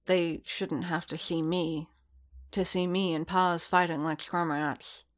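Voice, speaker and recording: A woman voicing a tired, guilt-torn male warrior who speaks in a hushed, restrained way. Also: on the low side, level tone, takes it slowly. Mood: brooding.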